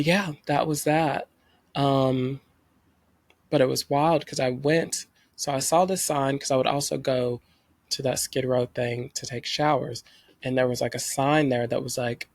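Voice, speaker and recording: A young man tells his own story in a rambling, heartfelt way, racing through parts and leaning on fillers. His voice has a gravelly edge and sits at an ordinary pitch. The sound is dry and close. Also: dry recording. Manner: rambling, emotional, fast bursts with many fillers. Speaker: vlogger. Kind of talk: personal storytelling.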